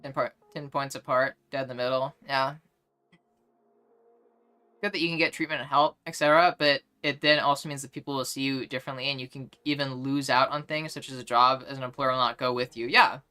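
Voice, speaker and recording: Blunt, bright-voiced young woman streamer. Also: very deep voice, steady tone, a little fast, faint music behind. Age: young adult. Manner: blunt, exasperated ranting with frequent "like". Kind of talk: casual chat while gaming.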